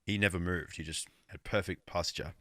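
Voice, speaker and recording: Bright-voiced man, low pitch. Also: fairly even intonation, moderate pace, dry recording, clean studio sound. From Australia. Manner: laid-back, chuckling, swears casually. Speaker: co-host reviewing albums. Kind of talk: casual chat.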